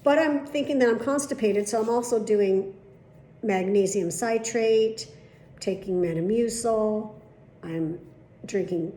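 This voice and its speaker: A woman's voice: medium pitch, a little slow, dark tone. Chatty swearing woman in an echoey room. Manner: chatty, swearing, retelling dialogue. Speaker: vlogger. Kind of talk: casual vlog storytelling. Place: at home.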